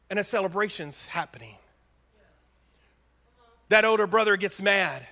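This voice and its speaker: A male pastor delivering a sermon with earnest emphasis and repeated phrases. His voice sits high and comes across bright and forceful. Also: moderate pace, long pauses.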